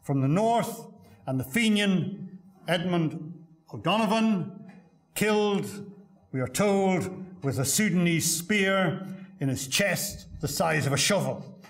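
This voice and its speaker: An older male professor delivers a keynote lecture in a hall, his voice sitting a little higher than most men's. He tells stories with dry humour and stumbles over small fillers and repeated words as he goes. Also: lively intonation, takes it slowly, faint music behind. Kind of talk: academic lecture with anecdotes.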